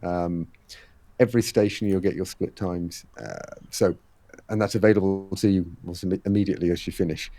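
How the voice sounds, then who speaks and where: A man with a lowish, mellow voice talks through details at length in a relaxed interview. He leans on fillers and acts out little quoted exchanges. His voice sits close and dry, with little room sound. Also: a little fast, no echo. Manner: explains at length with many fillers and acted-out quotes. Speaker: guest, head of a fitness race series. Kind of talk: conversational podcast interview.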